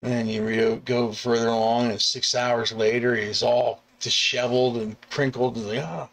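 A middle-aged man, a comic artist and bus driver, chatting casually on a live stream, rambling with restarts and chuckles and acting out quoted lines in sudden high yelps. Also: level tone, normal speed, a bit bright. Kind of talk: casual live-stream chat about artwork.

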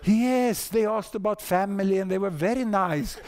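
A man in his sixties with a Swedish accent, lecturing at a conference and telling a story with lively asides and repeated words. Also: sits high, normal speed. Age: 60s. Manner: animated storyteller, frequent "huh?" and "you know" asides, repeats words. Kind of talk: conference talk. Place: conference hall with audience.

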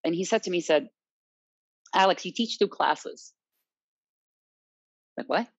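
A woman who teaches salsa, telling stories in a casual, animated chat and often checking in with "right?". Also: on the low side, measured pace, creaky, husky, no echo. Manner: animated, quotes others, tag questions "right?". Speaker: salsa dance instructor, guest. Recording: dull lo-fi dry recording.

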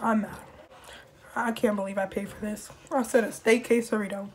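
A woman with a hoarse, worn-out voice, chatting casually to camera while she eats, with mouth sounds and coughs between words. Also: mid-range voice, steady tone, normal speed, darkish tone, slight background noise, poor audio. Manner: chatty, talks while eating, with smacking and coughs. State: hoarse, voice nearly gone. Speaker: YouTuber. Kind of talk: casual eating-show chat.

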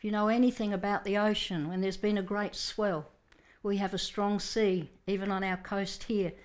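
A woman's voice: medium pitch, fairly even intonation, normal speed. A woman preacher telling a Bible story vividly in a Sunday sermon, with frequent restarts.

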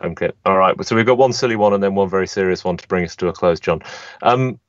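A man's voice: deep voice, fast, dry recording. A man from England hosting a podcast interview, chatty and a little self-deprecating as he asks questions. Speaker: podcast host. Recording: dry, slightly dull call audio.

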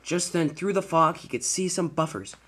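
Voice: medium pitch, moderate pace, noisy background. A narrator telling a toy train fan-film story in a dramatic, storybook way.

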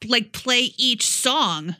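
A woman, a former radio broadcaster, chatting with quick asides as a podcast co-host. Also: a little high, expressive, bright, forceful tone, dry recording, studio quality. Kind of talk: casual chat.

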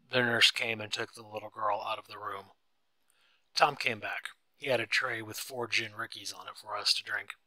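A man narrates a storybook in a clear, steady way. His voice sits low but sounds very bright and forward. The recording is dry and close. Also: moderate pace, no room sound, rough recording.

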